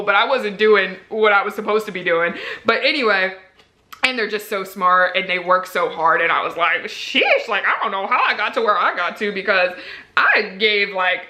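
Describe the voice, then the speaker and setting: A woman's voice: mid-range voice, bright, forceful tone. Chatty young woman in an echoey room. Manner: chatty, frequent "like" fillers, candid and earnest. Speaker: medical resident vlogger. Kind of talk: casual vlog talk to camera.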